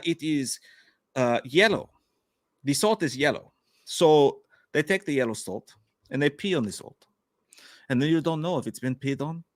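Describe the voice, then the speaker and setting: A man's voice: on the high side, no room sound, studio quality, lightly acted. A man doing a comic voice of a boastful man with a mock Russian accent, speaking in broken grammar and giving mock advice to a friend. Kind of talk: comic improvised bit on a live show.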